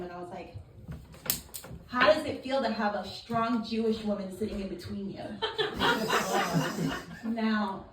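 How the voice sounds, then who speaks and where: A woman doing a stand-up comedy set at an open mic, telling a crude story with lots of swearing. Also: a little high. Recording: echoey room, far mic, noisy.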